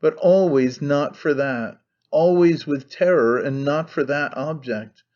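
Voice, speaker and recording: A man voicing an intense, brooding young man obsessed with one idea, earnest and halting as he speaks. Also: fairly high pitch, darkish tone, highs cut off, lightly acted. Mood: fervent. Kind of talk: audiobook character reading.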